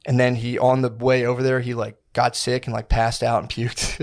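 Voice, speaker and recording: A man on a podcast spins a long story in loose, slangy chatter. He acts out the people in it with quick quoted lines and keeps circling back. His voice sits at an ordinary middle pitch. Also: monotone. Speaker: podcast co-host. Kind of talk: casual chat, storytelling.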